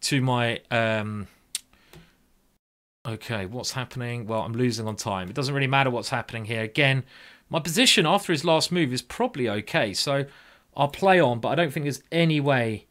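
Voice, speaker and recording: A man's voice: medium pitch, moderate pace, fairly bright tone. A man streaming blitz chess, thinking aloud in a chatty, self-mocking way and talking to his viewers. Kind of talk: live-stream commentary while playing blitz chess.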